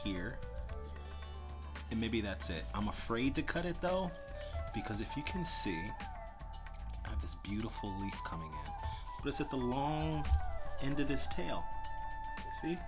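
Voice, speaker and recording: A man's voice: medium pitch, very animated, unhurried, long pauses. A man chatting casually and self-deprecatingly as he pots a houseplant for his vlog. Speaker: plant vlogger. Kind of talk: casual chat while potting a plant. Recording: background music.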